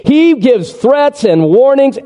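A man preaching a sermon, animated as he walks the congregation through a chart. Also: extremely high pitch, slow. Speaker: pastor. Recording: echoey hall with long reverb.

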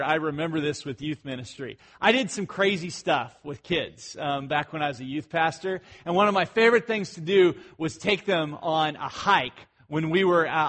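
A middle-aged man leads a Bible study with a slightly higher-than-usual voice. He talks loosely and conversationally, stopping to restart phrases and pose questions to the room. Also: fairly bright tone. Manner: conversational, asks the listeners questions, many fillers and restarts. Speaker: pastor. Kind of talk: expository Bible teaching.

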